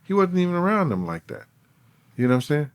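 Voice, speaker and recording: Animated, profane storyteller man. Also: fast, smooth, no echo. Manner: animated, profane, swings between loud and low. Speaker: former bodyguard, guest. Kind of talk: storytelling in an interview.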